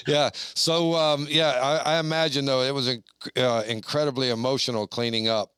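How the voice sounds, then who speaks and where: A man's voice: medium pitch, steady tone, normal speed, a bit bright, clean tone, no room sound. A man hosting a casual podcast, chatting in a loose, rambling way full of fillers. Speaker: podcast host.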